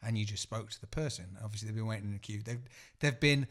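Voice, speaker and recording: A man's voice: lowish voice, fast. Foul-mouthed man spinning anecdotes. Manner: swearing, animated anecdote-teller. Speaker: podcast co-host. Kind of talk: casual podcast chat.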